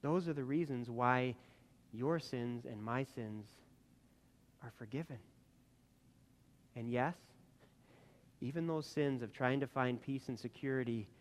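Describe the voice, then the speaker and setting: An earnest male pastor delivering a sermon in a mid-pitched voice. He builds to emphatic, insistent peaks, then falls back to a soft, gentle close.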